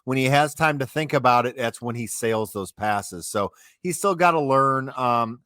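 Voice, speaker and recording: A man's voice: mid-range voice, normal speed, a bit bright, no room sound, studio quality. A man co-hosting a sports podcast, talking in an easygoing, hopeful fan's way. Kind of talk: casual sports chat.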